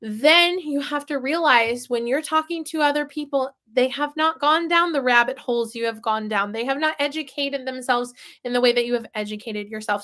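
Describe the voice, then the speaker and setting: A woman with a high voice speaks casually and earnestly about parenting her young child. She drifts into fillers and side remarks as she explains. Her tone is warm in wording but plain in delivery. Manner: earnest, chatty, with many fillers and soft asides. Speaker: parent talking about her autistic toddler. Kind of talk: casual explanatory talk to camera.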